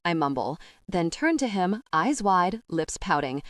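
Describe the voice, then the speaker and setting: Expressive young woman narrating romance. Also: lowish voice, unhurried, no room sound, clean studio sound. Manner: expressive, playful. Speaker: audiobook narrator. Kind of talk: first-person romance audiobook narration.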